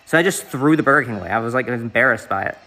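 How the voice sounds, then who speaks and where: A man's voice: mid-range voice, expressive, rapid-fire, bright, forceful tone. A young man from the Southeast US, streaming and chatting casually in a rambling way, with lots of fillers and swearing.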